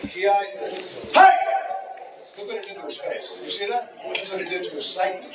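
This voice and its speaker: A man's voice: sits high, quick pace, a crowd in the background. A man teaching a self-defense seminar, joking and repeating words as he talks through demonstrations. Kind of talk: teaching a martial arts seminar. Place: large echoey training hall. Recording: echoey hall from far off with loud room noise.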